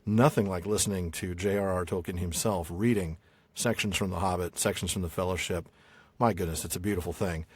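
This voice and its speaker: A man's voice: sits low, steady tone, brisk, husky, no echo. An American man hosting a podcast, explaining things in a casual discussion with frequent fillers. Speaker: podcast host.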